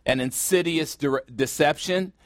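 A man's voice: fairly high pitch, a little slow, dry recording, clean studio sound. A man preaching a sermon as pastor, blunt and sarcastic, with mocking asides to his congregation.

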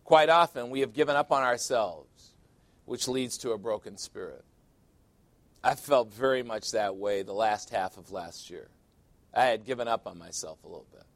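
A man preaching a conversational sermon as pastor, candid and confiding, often dropping into quiet asides. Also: lowish voice, moderate pace, dry recording.

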